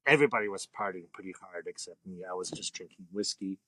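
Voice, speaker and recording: A man with a low voice talks fast in a pushed, bright way, with no room sound in the recording. He's a tattoo artist appearing as a podcast guest, rambling laid-back through profane stories in a casual storytelling interview.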